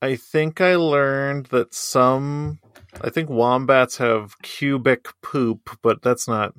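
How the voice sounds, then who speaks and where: A man's voice: mid-range voice, fairly even intonation, slow pace, a bit bright, clear, resonant tone, no room sound, studio quality. A man co-hosting a podcast in loose, joking casual chat, laughing often and swearing freely. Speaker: podcast co-host.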